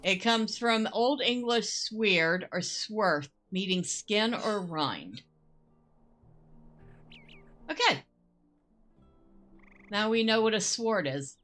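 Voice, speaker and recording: A woman's voice: medium pitch, animated, a bit bright, faint music behind. A woman giving casual, chatty gameplay commentary as she plays, musing aloud as she goes. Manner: chatty and unhurried, muses aloud, laughs easily. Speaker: gameplay host.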